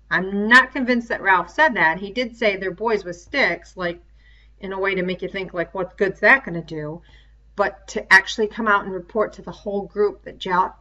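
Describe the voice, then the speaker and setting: A woman's voice: medium pitch, pushed and bright. A woman teacher reading a novel aloud to a class and stopping for conversational asides that explain the story. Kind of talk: classroom read-aloud with commentary. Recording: dull lo-fi recording.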